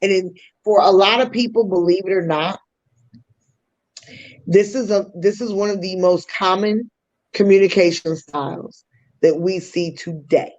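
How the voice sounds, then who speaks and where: A woman's voice: mid-range voice, measured pace, darkish tone, dull audio. A woman hosting a podcast, explaining communication styles in a teaching tone with casual slang asides. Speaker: podcast host.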